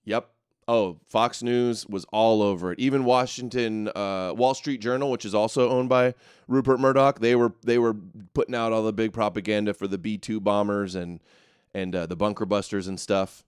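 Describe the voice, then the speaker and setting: Male host, sarcastic live commentary, smooth resonant tone, dry close sound. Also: on the low side, steady tone, dry recording. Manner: mocking, sarcastic, quick asides. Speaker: show host. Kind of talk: live commentary reacting to clips.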